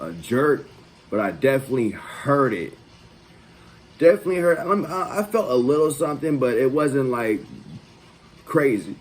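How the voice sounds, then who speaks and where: Man, vlog host, casual storytelling, loose and profane, mid-pitched voice. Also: slight background noise, poor audio.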